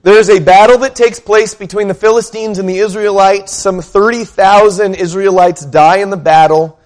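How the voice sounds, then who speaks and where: Man, pastor, sermon, high voice, conversational storytelling, questions for the congregation. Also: fairly even intonation, normal speed.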